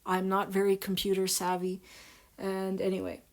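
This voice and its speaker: A woman hosting her own video channel, talking casually to her viewers in a soft voice that they compare to ASMR, with many pauses and fillers. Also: medium pitch, monotone.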